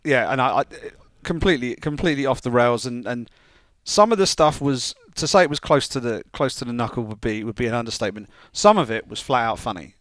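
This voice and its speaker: A journalist guest talks in a measured, wry way during a casual podcast chat. He is recorded dry and close, with no room sound. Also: mid-range voice, expressive, fairly bright tone, no room sound.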